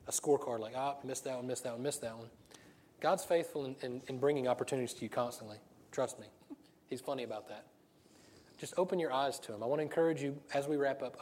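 A middle-aged man preaching in a loose, conversational way, breaking into laughs and restarting his sentences. His delivery moves quickly. His voice sits at an ordinary middle pitch for a man. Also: darkish tone, slight background noise. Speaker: pastor. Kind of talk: sermon.

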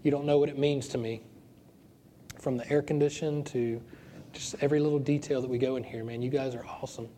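Male pastor, earnest and emotional, warm low-key tone, faint room noise behind. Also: steady tone, a little fast. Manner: earnest, emotional, repeats words. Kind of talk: sermon and closing prayer. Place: small church.

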